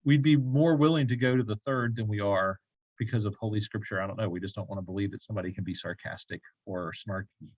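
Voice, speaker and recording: A man's voice: lowish voice, fairly even intonation, fast, no room sound, dull audio. A man leading a church bible study group, talking casually, asking the group questions and making joking asides. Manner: conversational, asks the group questions, jokey asides. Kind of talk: casual teaching talk. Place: church classroom.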